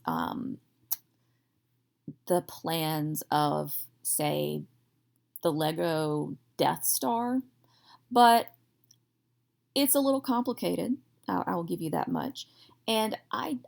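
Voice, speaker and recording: Lady history teacher, lowish voice with lots of vocal fry, chatty and jokey about herself. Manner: chatty, digressive, self-deprecating humor. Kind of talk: recorded classroom lecture.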